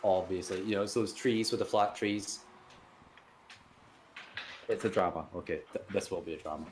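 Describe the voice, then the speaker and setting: A man hosting a comedy stream, making up a story on the spot in a halting, rambling way and laughing at himself. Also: deep voice, a little hiss or hum. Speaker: host and storyteller. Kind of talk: improvised comedy narration.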